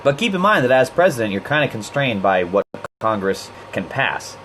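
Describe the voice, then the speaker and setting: A man's voice: mid-range voice, big pitch swings, moderate pace, a bit bright, a little hiss or hum. A man hosting a casual livestream, talking in a profane, opinionated and rambling way into a handheld phone. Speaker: livestream host. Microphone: phone held in hand.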